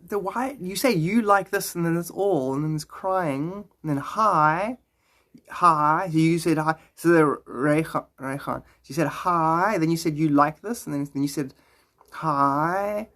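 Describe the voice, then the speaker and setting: A man's voice: on the high side, unhurried, a bit bright. A man talking casually on a live stream, rambling from one thought to the next. He answers and thanks his viewers as he goes. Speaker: livestreamer.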